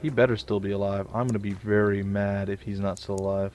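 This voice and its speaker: A young man casually commenting on his own gameplay, chatty and self-mocking, with sudden loud outbursts. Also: lowish voice, level tone, fairly quick, over music. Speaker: let's play gamer.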